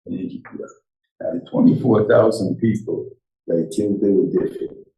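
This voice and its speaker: A man's voice: on the low side, a little fast, recorded from a distance, highs cut off. Older man teaching in a roomy hall. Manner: animated storytelling, acts out dialogue. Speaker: rabbi teaching a Torah class. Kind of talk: informal Torah lecture. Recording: roomy, from off the mic.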